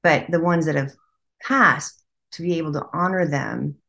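A woman's voice: low-pitched, creaky, fairly bright tone. A woman talking earnestly in a casual conversation, often restarting and repeating her words. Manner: earnest, halting, repeats herself.

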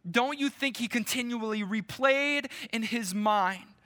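A male pastor preaching a sermon to his church, slow and emphatic, with dramatic pauses. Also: very high voice, bright, forceful tone.

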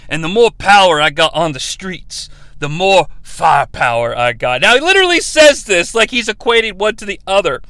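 A man's voice: high-pitched, very animated, moderate pace, hardly any pauses, bright, forceful tone, clear, resonant tone, no echo. A man recapping a movie in a sarcastic comic style, acting out the characters' lines as he goes. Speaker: comedy podcast host.

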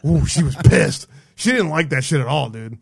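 A male host with a somewhat high voice tells a story in a fired-up rant. He swears constantly and keeps stumbling and restarting mid-sentence. His delivery is casual and heated. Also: animated, moderate pace, gravelly, husky. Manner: profane, heated, restarts often. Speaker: stream host taking callers.

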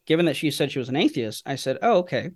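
A man's voice: medium pitch, rapid-fire, dry recording, clean studio sound. A man, a guest on a podcast, explaining his approach by telling anecdotes and answering his own rhetorical questions. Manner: teaching through anecdotes, asks himself questions. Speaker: guest speaker. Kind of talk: podcast interview storytelling.

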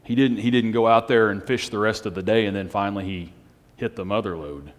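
A man's voice: fairly low pitch, brisk. A man preaching a casual sermon to a small group, conversational, asking the room questions and chuckling. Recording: long hall reverb.

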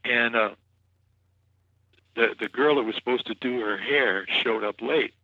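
A man's voice: medium pitch, measured pace, no room sound, narrow, tinny audio. A man guest, a musician, telling stories in a casual interview, rambling with many restarts and "you know"s. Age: 40s or older.

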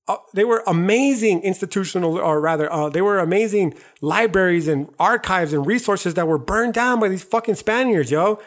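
A young man on a podcast, raging through a heated monologue that is thick with swearing and "dog". His voice sits a little high for a man. He comes from the United States. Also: animated, fast. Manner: heated, profane, calls listener "dog". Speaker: podcast host. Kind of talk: profane, impassioned monologue.

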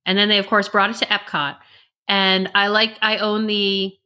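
Bright-voiced chatty woman in her forties. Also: mid-range voice, level tone, moderate pace. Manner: chatty storyteller who acts out family quotes. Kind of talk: casual chat.

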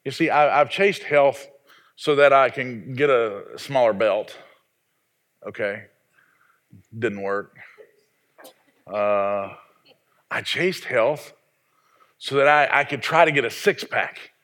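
A man's voice: medium pitch, slow pace, long pauses, a bit bright. A man in his forties from the American South, a pastor preaching a sermon in a folksy, self-deprecating storytelling way. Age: 40s.

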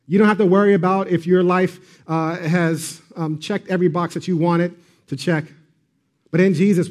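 A man delivers a sermon in a notably high voice. He preaches earnestly, stacking repeated phrases for emphasis and stumbling into the odd filler. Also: darkish tone. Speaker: pastor.

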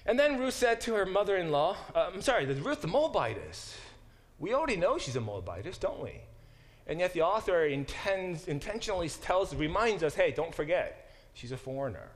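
A man's voice: high voice, big pitch swings. Middle-aged man teaching a Bible class. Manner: reads scripture aloud, pausing to explain Hebrew words, with frequent self-corrections. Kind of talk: Bible study lecture.

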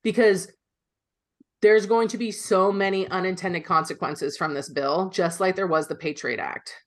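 A woman's voice: lowish voice, moderate pace. A woman co-hosting a podcast, talking politics in a blunt, profane, opinionated way. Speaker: podcast co-host. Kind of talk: casual political chat.

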